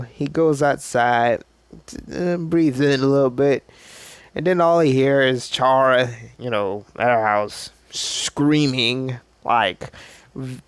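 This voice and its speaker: A man's voice: mid-range voice, clean tone, no room sound. A man casually narrating an improvised fan story, rambling and self-deprecating.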